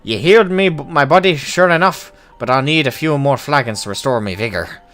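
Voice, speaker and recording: A man's voice: medium pitch, expressive, a little fast, a bit bright, soft background music, lightly acted. A man voicing a jovial, hard-drinking male dwarf adventurer in a put-on Irish accent, hearty and boastful. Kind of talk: voicing game dialogue aloud.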